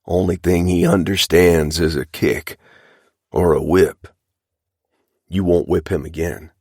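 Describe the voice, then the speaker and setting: A sullen, cruel middle-aged rustler as a man reading an audiobook puts him on, talking in a rough frontier drawl with a very low, heavy voice. He sounds close and dry, with no room around him. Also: fairly even intonation, takes it slowly, a little mellow, no room sound, exaggerated voice. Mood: bitter.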